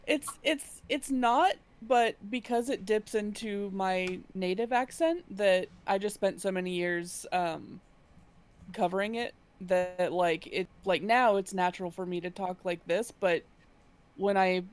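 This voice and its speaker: A woman chatting casually on a stream, halting and hesitant, laughing easily. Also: medium pitch. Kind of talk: casual chat.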